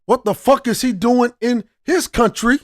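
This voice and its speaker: A man's voice: very high voice, moderate pace, no echo, clean studio sound. A man giving casual reaction commentary as a channel host, heated and profane, often restarting his sentences.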